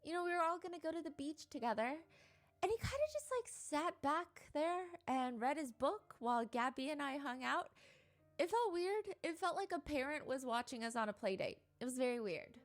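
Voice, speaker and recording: A young woman tells a true crime story in a loose, chatty way. Her voice sits fairly high, and her speech is full of fillers and asides. She keeps slipping into quotes from the people in the story. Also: expressive, normal speed, faint music behind.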